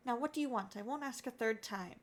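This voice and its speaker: A woman voicing a gruff, suspicious middle-aged man who is curt and hostile, reading game dialogue aloud. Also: a little high, a little fast, close to an everyday voice.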